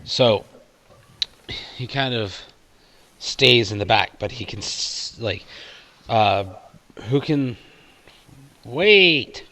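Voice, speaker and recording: A man running a tabletop game as game master, narrating casually and haltingly. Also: mid-range voice, expressive, pushed and bright.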